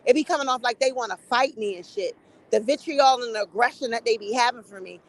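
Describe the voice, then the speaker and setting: A middle-aged woman giving casual opinion commentary in a blunt, profane, animated gossip style. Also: on the high side, fast talker, rough recording. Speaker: commentary vlogger.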